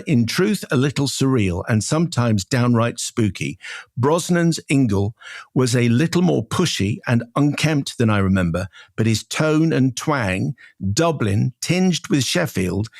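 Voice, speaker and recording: Brisk man reading emails. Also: mid-range voice, lively intonation, gravelly, darkish tone, dry recording, clean studio sound. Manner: brisk, laughs easily. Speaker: film show co-host. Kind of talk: casual chat, reading listener emails.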